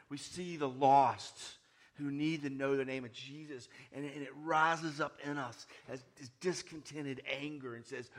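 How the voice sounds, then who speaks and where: A man preaching a sermon, moving from hushed, quiet lines to loud, raised ones and asking his listeners many questions. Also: medium pitch. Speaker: pastor.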